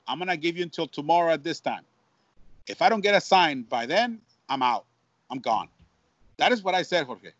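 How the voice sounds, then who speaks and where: A man, a baseball broadcaster, telling a story in an interview with lively repetitions and Spanish phrases. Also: mid-range voice, dry recording, highs cut off. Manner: animated, repeats words, mixes in Spanish phrases. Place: at home.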